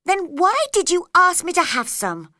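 A woman voicing a polite, curious young girl in a storybook reading, raising her voice high and eager. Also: huge pitch swings, slow, fairly bright tone, no room sound, clean studio sound, heavily acted. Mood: earnest.

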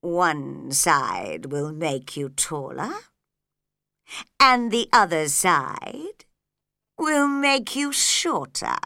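A drowsy, unfriendly caterpillar, as a woman reads him out, drawling each word at a crawl in a lowered voice. He sounds curt and put out, with dry, close sound and no room around him. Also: sing-song, extremely slow, vocal fry, bright, forceful tone, no room sound, heavily acted. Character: slow sleepy unfriendly pipe-smoking caterpillar. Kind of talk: storybook reading.

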